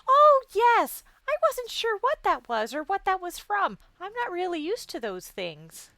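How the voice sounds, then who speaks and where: A woman's voice: extremely high pitch, huge pitch swings, unhurried, bright, forceful tone, no room sound, voice pushed up, exaggerated voice. A woman voicing a kindly shopkeeper lady with a put-on accent, fussy and polite in a tabletop game. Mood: friendly.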